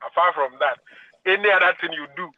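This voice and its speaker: A man's voice: high-pitched, a little fast. A man from Ghana, a teacher talking casually as a guest, laughing easily and often stumbling over and repeating words. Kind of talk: casual conversation. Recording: tinny phone line.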